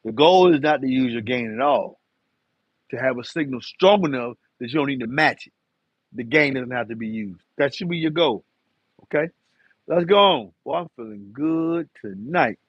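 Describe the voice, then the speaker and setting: A man hosts a live car audio Q&A in a relaxed, talkative way, teasing viewers as he reads their comments. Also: medium pitch, normal speed, husky, no echo, muffled recording. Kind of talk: casual live-stream Q&A.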